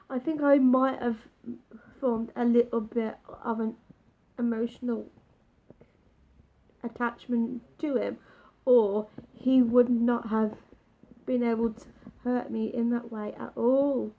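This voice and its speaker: A woman talks slowly through a personal story, her voice set a little high and soft at the edges. She pauses, restarts and circles back as she goes. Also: steady tone, poor audio. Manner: halting, emotional retelling with restarts. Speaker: vlogger.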